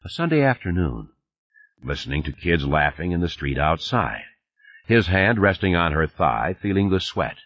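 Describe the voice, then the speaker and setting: A man narrates an audiobook in a very deep, husky voice, reading in a measured but lively way. The pitch moves widely, and the sound is dull and lo-fi, as from an old cassette tape. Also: dry recording. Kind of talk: scripted narration.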